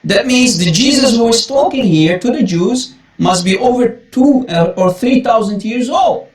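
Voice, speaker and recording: Emphatic, animated male preacher. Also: very high-pitched, measured pace. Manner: emphatic, repeats exclamations, addresses listeners as guys. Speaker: Christian preacher. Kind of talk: Bible commentary sermon.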